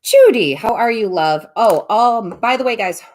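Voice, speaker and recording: A woman's voice: on the high side, lively intonation, a little slow, a little mellow. A middle-aged woman chatting casually on a live stream, greeting viewers by name and laughing often. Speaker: tarot reader and medium hosting a live stream.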